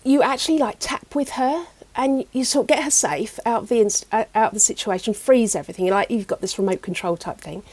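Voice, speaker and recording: A middle-aged woman, telling personal stories as an interview guest in a chatty, animated way. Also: fairly high pitch, dry recording. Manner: chatty, animated retelling with many fillers. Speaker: guest, EFT practitioner. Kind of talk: casual interview storytelling.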